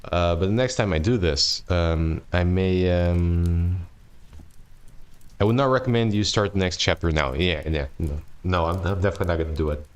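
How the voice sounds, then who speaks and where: A man's voice: deep voice, normal speed, clean tone. A man reading a novel aloud on a live stream and chatting casually between chapters, laid-back, swearing and laughing often.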